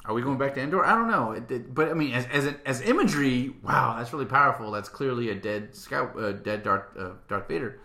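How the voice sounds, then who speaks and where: A man co-hosting a casual chat, animated and joking, slipping into quick impressions. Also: mid-range voice, gravelly, echoey room. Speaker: podcast co-host.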